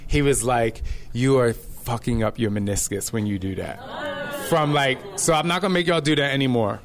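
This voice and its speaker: Over crowd noise, a middle-aged fitness instructor chats casually at normal speed in a mid-range voice. He's energetic and animated, telling stories and acting out quotes.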